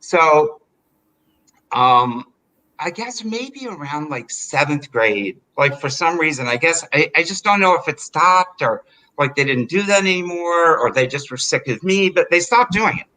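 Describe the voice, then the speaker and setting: Guy telling a story, lots of likes, bright kinda high voice. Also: unhurried, low-quality recording. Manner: animated, chatty, filler-heavy. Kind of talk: live storytelling.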